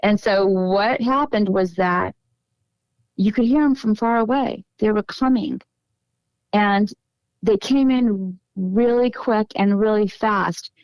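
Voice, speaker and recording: A woman's voice: medium pitch, slow, a little mellow, no echo, low-quality recording. A middle-aged woman guest on a podcast, telling a long story in a casual, meandering way and often stopping to correct herself.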